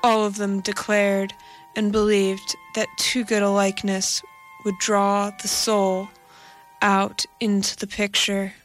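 A woman voicing a dazed, haunted man who speaks in a strained, soft monotone in a read-aloud story. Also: medium pitch, takes it slowly, soft background music, close to an everyday voice.

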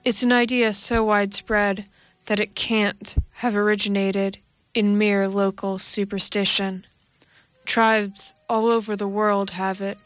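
Woman reading a haunted man in monotone. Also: mid-range voice, a little slow, dry recording, lightly acted. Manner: strained whispered monotone.

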